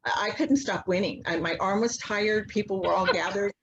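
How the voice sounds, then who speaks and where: A woman guest telling a long personal story in a casual, animated way, acting out the voices of people in it. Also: medium pitch, moderate pace, muffled recording, slight background noise. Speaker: interview guest, mother.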